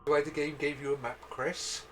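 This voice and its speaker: A man's voice: a little high, little pitch movement, moderate pace. A man in his forties streaming a video game, chatting casually with joking, self-deprecating asides. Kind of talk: casual gameplay commentary. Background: game music.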